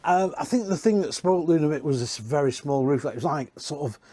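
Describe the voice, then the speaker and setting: A man's voice: fairly high pitch, animated, fast, hardly any pauses, warm tone, no echo. A man giving a casual, rambling walk-around tour inside used caravans, chatting and correcting himself as he goes. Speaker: caravan industry reviewer.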